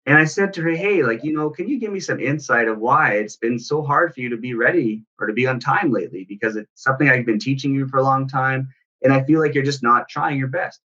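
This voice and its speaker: A man's voice: mid-range voice, fast, pushed and bright, muffled recording. A man, a parenting coach, telling a personal story in an earnest, reflective way. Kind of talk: personal story in casual talk.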